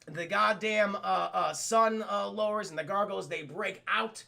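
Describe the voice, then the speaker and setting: Guy streamer recapping a cartoon to chat, swears constantly, high bright voice with gravel in it. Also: normal speed. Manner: excitable, swears a lot, addresses chat. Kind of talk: casual, profane episode recap.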